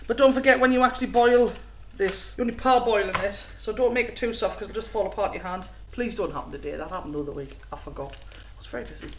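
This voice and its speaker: A woman hosting a casual home cooking vlog, chatty and self-mocking with frequent giggles. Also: fairly high pitch. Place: home kitchen. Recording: echoey room, noisy background.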